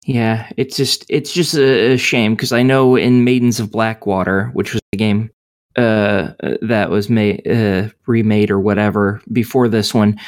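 A man's voice: lowish voice, steady tone, unhurried. Rambling sarcastic man, casual chat. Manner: rambling, sarcastic, swears often. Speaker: game reviewer co-host.

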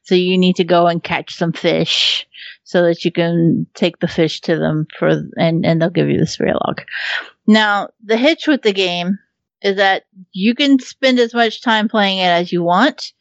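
A woman's voice: fairly low pitch, unhurried, dry recording. A woman in casual podcast chat who laughs often, swears freely, and talks with many ums and restarts. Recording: dull lo-fi recording.

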